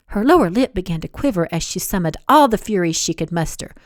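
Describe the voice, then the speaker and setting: A woman, the author, reading her own romance novel aloud in an expressive, dramatic storytelling style. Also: lowish voice, quick pace, hardly any pauses, dry recording, studio quality. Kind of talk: audiobook narration.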